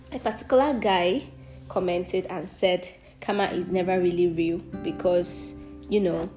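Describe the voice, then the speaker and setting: A woman's voice: fairly low pitch, mellow. A young woman from southwestern Nigeria with a Nigerian accent, hosting a solo podcast in an earnest, reflective way and often restarting her sentences. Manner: earnest, reflective, self-correcting with frequent restarts. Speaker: podcast host. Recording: echoey room with music behind.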